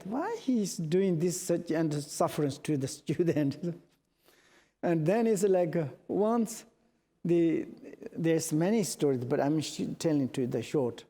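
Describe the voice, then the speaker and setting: Mellow Tibetan-native man teaching in a hall. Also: a little high, gravelly, husky. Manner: halting non-native English with restarts. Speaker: Buddhist teacher. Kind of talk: storytelling dharma teaching. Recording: long reverb of a large hall.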